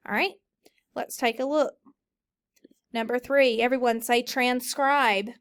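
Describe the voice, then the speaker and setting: A woman teaching a recorded phonics lesson, sounding out each syllable clearly and slowly for students. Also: on the high side, steady tone.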